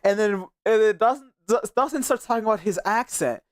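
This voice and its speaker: A woman tells a story in a casual stream chat and teases her friend, laughing as she goes. Her pitch swings widely from low to high. The sound is dry and close, with no room echo. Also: lively intonation, brisk. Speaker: stream co-host.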